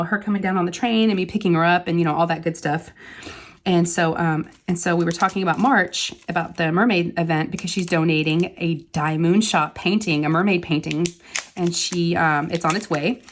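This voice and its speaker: A woman's voice: lowish voice, a little hiss or hum. Chatty woman crafting and talking. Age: adult with kids. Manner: chatty, rambling, laughs easily. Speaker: crafting channel host. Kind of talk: casual chat while diamond painting.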